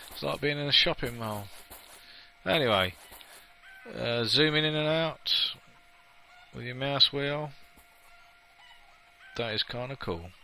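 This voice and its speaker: A man giving casual, chatty commentary as he plays a game, opinionated and quick to laugh at himself. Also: mid-range voice, sharp tone, rough recording. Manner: chatty and opinionated, with frequent laughs and playful asides. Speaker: let's play gamer.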